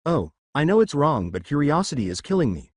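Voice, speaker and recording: A man's voice: fairly high pitch, big pitch swings, brisk, darkish tone, husky. A man voicing a torn, awkward teenage boy classmate in a storybook, in a fretful, plain way.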